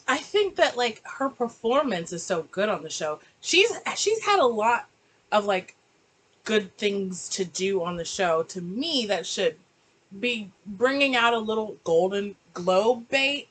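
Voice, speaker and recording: A woman's voice: medium pitch, a bit bright, a little hiss or hum, low-quality recording. A woman chatting animatedly in a casual reaction review, recorded on a laptop mic and slipping into mocking voices. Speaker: book and TV reviewer.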